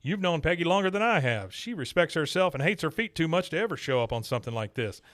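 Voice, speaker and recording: A man voicing a gruff middle-aged dad, scolding and firm, on a cartoon recap podcast. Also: fairly high pitch, sing-song, fast, fairly bright tone, no room sound, clean studio sound, pitched above the performer's own voice. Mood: indignant.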